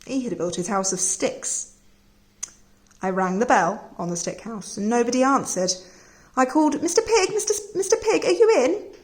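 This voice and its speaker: A woman's voice: mid-range voice, normal speed, long pauses, natural voice. Storybook wolf, male, sly and self-pitying, read by a woman; chatty, aggrieved narration.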